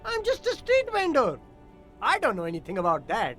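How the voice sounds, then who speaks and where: A streamer voicing a chirpy, evasive street vendor in a playful, sing-song put-on voice. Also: female voice, a little high, huge pitch swings, normal speed, soft background music. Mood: cheeky. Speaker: streamer voicing game dialogue.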